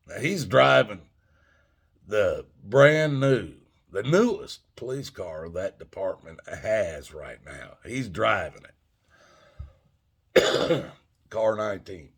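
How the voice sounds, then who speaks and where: An older man with a low, gravelly voice rambles through a story and curses freely along the way. His tone is husky and a little rough, and he keeps turning to talk straight to the viewer. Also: animated, slow, long pauses. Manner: loose, profane, talks straight to viewers as "folks". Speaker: vlogger telling a story.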